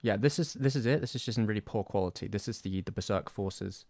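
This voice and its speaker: A fast-talking young man with a fairly low, darkish voice, heard in a dry recording. He's a streamer from Southwest England with a West Country accent, rambling self-deprecatingly through casual livestream chat on a close mic.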